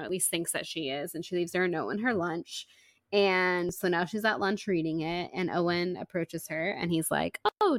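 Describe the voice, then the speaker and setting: A woman co-hosting a podcast, chatting casually about a book, retelling scenes with quoted lines and quick laughs. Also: lowish voice, a bit bright, dry recording, clean studio sound. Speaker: podcast co-host. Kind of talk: casual book-club chat.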